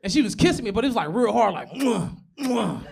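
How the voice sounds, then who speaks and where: A man's voice: high voice, very animated, racing, vocal fry, darkish tone, husky. A young man doing a stand-up comedy set, telling profane stories, acting out voices and laughing at his own jokes. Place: comedy club stage.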